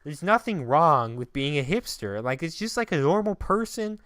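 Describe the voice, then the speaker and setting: A man's voice: on the high side, animated, normal speed, hardly any pauses, a bit bright, smooth, no echo, studio quality. A young man from Minnesota, casually rambling through a story on a podcast and mocking himself as he goes. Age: young adult. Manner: rambling storyteller, self-mocking, trails off into filler syllables. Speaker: podcast co-host. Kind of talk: casual chat.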